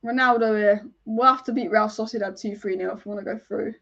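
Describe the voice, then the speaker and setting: A young woman hosting a live football watch-along, chatting excitably and swearing casually as she reacts to the match. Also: medium pitch, a little fast, muffled recording. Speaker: football fan channel host.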